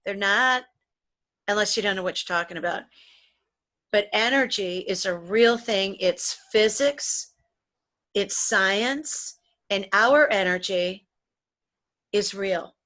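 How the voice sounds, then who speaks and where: A woman's voice: mid-range voice, slow pace, pauses often, bright, forceful tone. A middle-aged woman from the United States talks about wellness in an earnest, preachy tone. She often trips over and repeats her opening words before a sentence gets going. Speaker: podcast co-host, psychologist. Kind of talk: motivational wellness chat.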